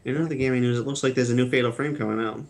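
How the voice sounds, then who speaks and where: A man hosting a gaming podcast, relaxed and easygoing, with a medium pitch. A faint hiss of noise runs beneath his voice. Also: rapid-fire, vocal fry. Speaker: podcast host. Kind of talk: casual chat.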